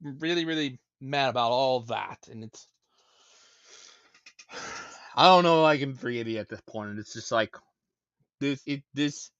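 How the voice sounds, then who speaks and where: A man's voice: mid-range voice, a little slow, pauses often, fairly bright tone, clean tone, no echo, muffled recording. A man hosting a casual live-stream talk show, ranting and stammering as he repeats himself over and over. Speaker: show host.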